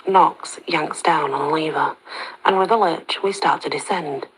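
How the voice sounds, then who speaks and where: A woman narrating a story in the first person, soft-spoken and slipping into whispers. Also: sits low, measured pace, slightly rough, low-quality recording.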